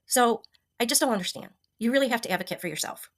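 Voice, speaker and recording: A woman's voice: fairly high pitch, lively intonation, fast talker. A woman in her fifties sharing a personal health story, earnest and emotional, with many ums and restarts. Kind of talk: personal testimonial.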